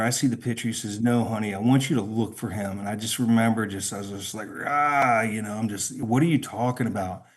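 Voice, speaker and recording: A middle-aged man, a podcast guest, telling a personal story in a halting, emotional way, often repeating words. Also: on the low side.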